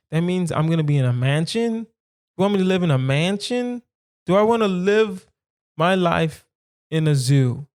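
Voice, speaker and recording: Slightly high and slightly mellow in voice, this comedy podcaster works alone, putting silly questions to himself and playfully rambling through them in a casual musing style.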